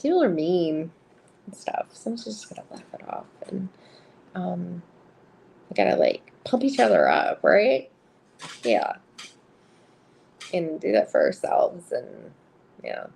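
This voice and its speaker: Gravelly, giggly woman chatting slowly. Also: lowish voice, huge pitch swings, a little mellow, a little hiss or hum. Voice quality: husky. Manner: giggly, laughs often between sentences; chatty and rambling, full of filler words. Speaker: live-stream card reader. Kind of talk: casual live-stream chat with viewers.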